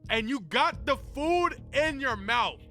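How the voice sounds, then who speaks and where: A man's voice: very high-pitched, slow, faint music behind. A young man streaming and reacting to videos, chatting casually with lots of slang like bro and gang. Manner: slangy and animated, calling the listener bro and gang.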